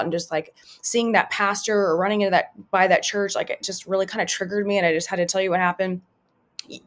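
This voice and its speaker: A woman talking earnestly and gently about supporting others, thinking aloud with restarts and acted-out example phrases. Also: mid-range voice. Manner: reflective, gentle, with frequent restarts and quoted examples. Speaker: podcast host and survivor advocate. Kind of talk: earnest advice talk.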